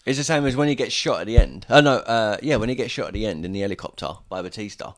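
An easygoing man with a fairly low voice, chatting about a movie in a relaxed way. He agrees readily and laughs along with his co-host. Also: fast. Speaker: podcast co-host. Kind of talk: casual film discussion.

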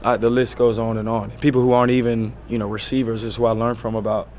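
A pro football player in his thirties answers reporters at a press conference, loose and relaxed, his speech full of "you know" fillers. His voice is mid-range and fast, with slight background noise.

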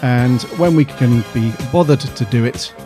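A man's voice: medium pitch, unhurried, mellow, faint music behind. A man hosting a casual podcast, chatty and jokey with plenty of slang. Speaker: podcast host.

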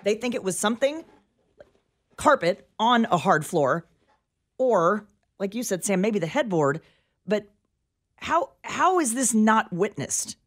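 A woman's voice: mid-range voice, very animated, measured pace, long pauses. Brief: woman co-host on talk radio, mid-range voice, incredulous and questioning, studio mic. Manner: incredulous, questioning, reads reports aloud. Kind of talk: casual talk radio chat. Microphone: studio microphone.

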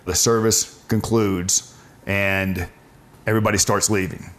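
A man in his forties tells a personal story in conversation, earnest and halting, with frequent restarts. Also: lowish voice, little pitch movement, a bit bright. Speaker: guest telling his faith story.

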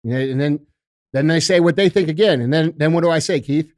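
A man's voice: fairly high pitch, quick pace, a little mellow, no room sound, studio quality. Fiery profane man, fired up. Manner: calls people bro and dude. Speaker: podcast guest. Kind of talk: casual podcast interview.

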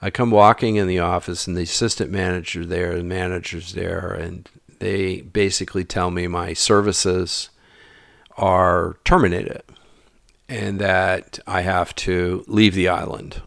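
A man with a low-pitched, creaky voice slowly and casually tells a personal story. Animated, he performs the dialogue and sometimes drops to a mutter, recorded dry and at studio quality.

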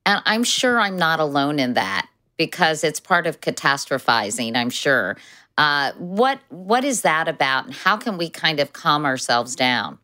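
A woman's voice: low-pitched, very animated, unhurried, pushed and bright. A woman hosting an interview, chatting and putting listener questions to her guest. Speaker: interviewer host. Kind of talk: interview conversation.

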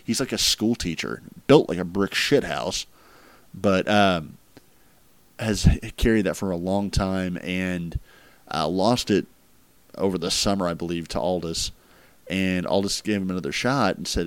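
Male host, casual rambling chat, deep voice, dry sound. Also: measured pace, no echo. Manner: rambling, filler-heavy, laughs at crude jokes. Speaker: podcast host ranking wrestling matches.

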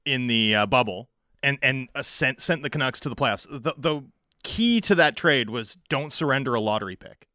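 A man's voice: medium pitch, animated, normal speed, bright, forceful tone, no room sound, studio quality. A man co-hosting a casual sports podcast, chatty, stumbling over restarts and fillers. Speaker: podcast co-host.

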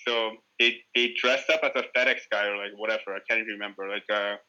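A man's voice: lowish voice, steady tone, quick pace, pushed and bright, highs cut off. A man guesting on a podcast, telling a rambling, profane story in casual chat, full of "like" fillers.

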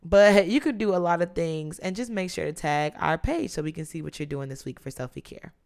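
A woman in her mid-twenties talks through her week on her own podcast. Her voice sits low, and she is chatty and candid, leaning on words and stretching them out for emphasis. It sounds close to the microphone. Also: a little fast, gravelly, darkish tone. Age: 20s. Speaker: podcast host. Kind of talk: casual solo podcast chat.

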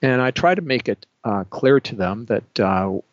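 A middle-aged man speaks in a measured, dry, understated way as an interview guest. His voice sits at an everyday pitch. The audio is slightly dull and lo-fi, with a close, dry sound. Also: lively intonation, no room sound. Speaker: professor and research supervisor. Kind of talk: casual interview answers.

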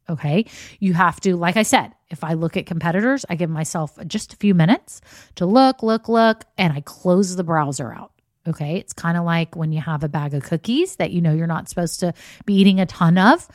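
A woman with a lowish voice hosts a solo business-coaching podcast, recorded cleanly in a studio with no echo. She's chatty and encouraging, frequently dropping "y'all" and "okay?"

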